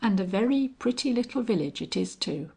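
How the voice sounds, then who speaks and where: A woman's voice: mid-range voice, animated, fairly quick, creaky, mellow, husky, voice pushed up. A woman voicing a shabby, affable male tramp in a storybook reading, chummy and wheedling in manner.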